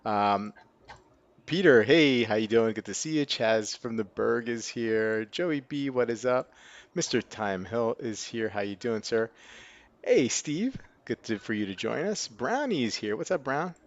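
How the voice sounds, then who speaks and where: A man hosting a casual live stream, upbeat and quick to laugh as he greets viewers one after another. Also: mid-range voice, expressive, dry recording. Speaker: livestream host. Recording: dull lo-fi stream audio.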